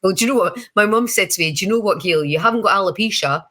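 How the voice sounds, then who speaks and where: Brief: bright, chatty woman in her fifties, laughing storyteller. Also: medium pitch, rapid-fire. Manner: chatty storytelling, laughs often, acts out quoted voices. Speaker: guest. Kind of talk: casual interview chat.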